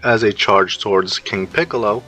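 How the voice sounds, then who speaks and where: Bright-voiced man narrating a fan story. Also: lowish voice, steady tone, normal speed, soft background music. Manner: storytelling, recounting action.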